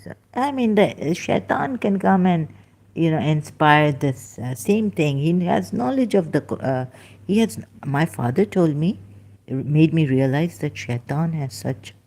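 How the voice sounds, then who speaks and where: A woman giving halting, emotional religious commentary, searching aloud for verses and near tears at times. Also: low-pitched, animated, darkish tone. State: close to tears.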